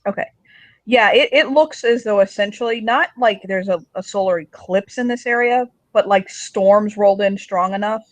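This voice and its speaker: A man's voice: sits high, normal speed, dry recording. Man game master, casual rambling narration, filler-heavy, dry sound. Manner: rambling, lots of likes and ums, casual swearing.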